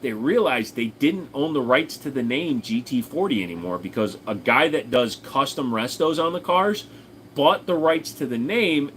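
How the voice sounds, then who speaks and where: His voice sits in the mid range and sounds a bit bright, with a faint hiss or hum behind it. He's a streamer reading chat aloud, chatting loosely, wandering off topic, and swearing freely as he replies to viewers.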